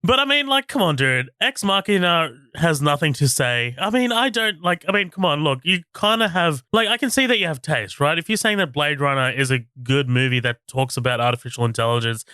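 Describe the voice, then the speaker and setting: A man's voice: on the high side, a little fast, hardly any pauses, clear, resonant tone, dry recording, clean studio sound. A man co-hosting a movie podcast, chatting casually and animatedly, swearing often. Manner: animated, swearing, reads reviews aloud mockingly. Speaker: podcast co-host. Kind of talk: casual chat.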